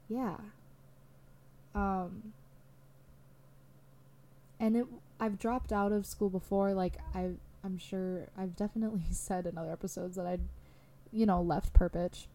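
A woman's voice: mid-range voice, warm tone. A young adult woman hosting a solo podcast, talking candidly in a rambling way with lots of fillers. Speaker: podcast host.

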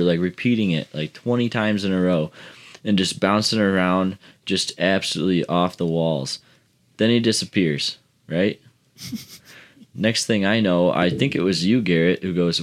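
Deep-voiced man telling a rowdy story. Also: moderate pace. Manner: rambling, profane storytelling with lots of fillers. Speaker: podcast co-host. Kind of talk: casual chat.

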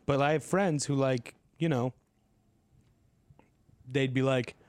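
A man's voice: medium pitch, fairly even intonation, takes it slowly, a little mellow, smooth, no echo. Rambling, jokey man on a dry podcast mic. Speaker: podcast co-host. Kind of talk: casual podcast banter.

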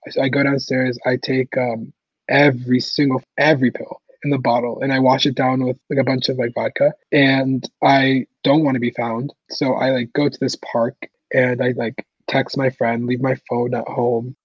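A young man with a husky, slightly breathy voice recounts his story in an easygoing way, peppering nearly every phrase with "like". The recording is dry and a bit dull, with no room around him. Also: mid-range voice, little pitch movement, moderate pace, dry recording. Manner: casual, heavy use of "like" fillers. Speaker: podcast guest. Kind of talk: personal storytelling interview.

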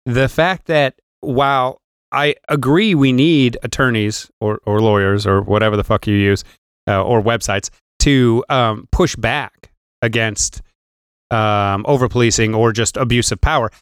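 A man with a smooth, resonant voice rambles on a podcast, cursing freely and restarting his sentences as he works up to a point. The sound is dry and close. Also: medium pitch, no room sound. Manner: rambling and profane, with halting restarts and teasing. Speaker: podcast co-host. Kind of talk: casual chat.

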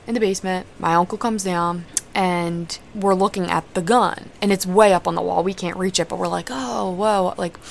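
A woman's voice: lowish voice, slight background noise. Candid, foul-mouthed young woman storyteller. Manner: candid and profane, casual run-on storytelling. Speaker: podcast host. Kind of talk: personal storytelling podcast.

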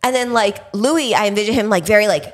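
A woman's voice: mid-range voice, fast talker. A young woman co-hosting a podcast in casual chat, talkative, laughing often and swearing casually. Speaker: podcast co-host.

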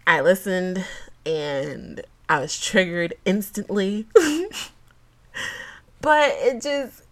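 A woman hosting a solo podcast in an easy, unhurried voice of middle pitch. She is openly emotional and chatty, laughing between thoughts and talking straight to her listeners. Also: expressive, fairly bright tone. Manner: chatty and openly emotional, fighting back tears. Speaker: podcast host. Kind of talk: casual solo podcast chat.

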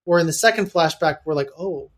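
A man co-hosting a podcast in casual chat, thoughtful and hesitant with pauses. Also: a little high. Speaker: podcast co-host.

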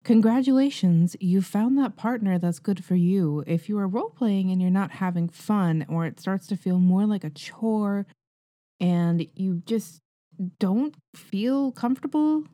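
A woman's voice: mid-range voice, a little slow, warm tone. A woman co-hosting a casual podcast, giving frank, reassuring advice. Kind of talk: casual group chat.

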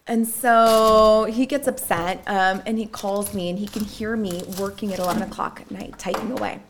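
A woman's voice: medium pitch, fairly even intonation, normal speed, few pauses, noisy background. A woman in casual chat, telling a dating story bluntly and animatedly, with swearing and quoted voices.

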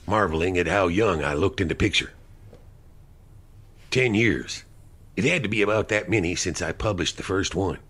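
A man narrating a mystery story in the first person, in a dry, measured storytelling manner. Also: low-pitched, a bit bright, husky. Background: music.

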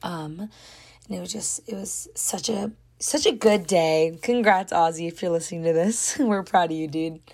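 Hoarse young woman, earnest podcast chatter. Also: fairly low pitch, a little mellow. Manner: earnest, rambling, lots of "like". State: hoarse, voice nearly gone. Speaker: podcast host. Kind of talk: casual solo podcast talk.

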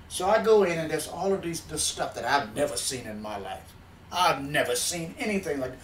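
A man from the backwoods telling a folksy story in an animated, plainspoken way, often restarting mid-sentence. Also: fairly high pitch, moderate pace, echoey room, recorded from a distance, slight background noise, low-quality recording. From backwoods countryside.

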